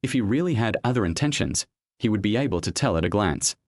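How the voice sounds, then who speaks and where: A man reading a serialized story as narrator in an even storytelling manner. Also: fairly low pitch, quick pace, no echo.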